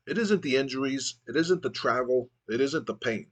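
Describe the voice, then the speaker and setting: A man's voice: mid-range voice, expressive, moderate pace, breathy edge. A man reading the lines of a bitter, brooding veteran male wrestler in a resentful, self-pitying monologue, raised above his own voice.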